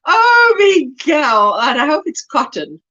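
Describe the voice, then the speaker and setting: A woman's voice: very high voice, sing-song, slow, pushed and bright, highs cut off. A woman hosting a casual livestream, bubbly and laughing often as she reads chat comments aloud. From South Africa. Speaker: livestream host.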